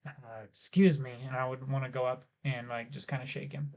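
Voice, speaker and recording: Halting man playing a tabletop game. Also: medium pitch, level tone. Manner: halting, trailing off softly. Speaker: player. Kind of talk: tabletop role-play.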